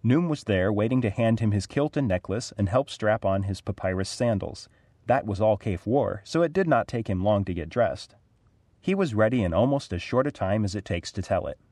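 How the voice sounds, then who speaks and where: A man reads a storybook aloud in a fairly low voice. His delivery is clear and even. The recording is dry and close. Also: moderate pace, no room sound. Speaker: narrator.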